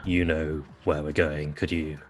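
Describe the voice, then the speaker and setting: A man's voice: rumbling low, little pitch movement, a little slow. A man playing a tabletop role-playing game, making brief, direct requests. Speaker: player.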